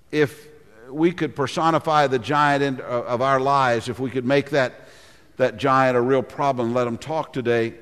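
A male pastor delivers a dramatic sermon in a church with a long, ringing reverb. His voice sits at a middle pitch and he often clears his throat. He slows down and sinks low for the giant's taunts, then lifts again to exhort. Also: a bit bright. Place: church sanctuary.

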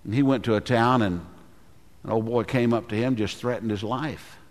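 A man's voice: fairly even intonation, normal speed. A preacher man in a reverberant church. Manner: dramatic preaching, voices the giant in low taunts; clears throat often. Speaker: pastor. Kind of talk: sermon. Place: church sanctuary. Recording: long hall reverb.

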